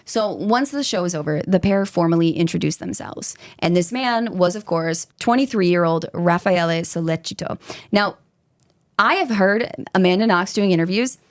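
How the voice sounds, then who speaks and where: A young woman with a lowish voice tells a true crime story as a podcast host. She talks in a loose, chatty way and swears in passing. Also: moderate pace. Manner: chatty and animated, swears casually, slips into quoting voices. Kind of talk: casual storytelling chat.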